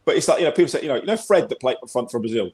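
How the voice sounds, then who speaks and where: A man's voice: mid-range voice, animated, very fast, a little mellow. A man in his forties with an English accent, chatting as a football pundit guest in a rambling, repetitive way over a video call. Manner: rambling, repeats words, chatty. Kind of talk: casual chat.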